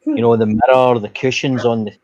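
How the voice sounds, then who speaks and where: A man's voice: medium pitch, fairly even intonation, brisk, a little mellow, no room sound. An Irish man rambling through a story in casual chat, swearing freely. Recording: dull lo-fi sound.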